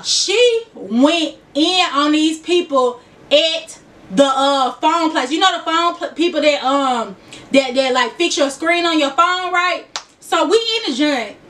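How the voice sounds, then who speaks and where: A woman's voice: high-pitched, a bit bright, far from the mic. A young woman with a Memphis accent chatting casually to her viewers, giggly and talkative. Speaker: vlogger. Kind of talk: casual get-to-know-me chat.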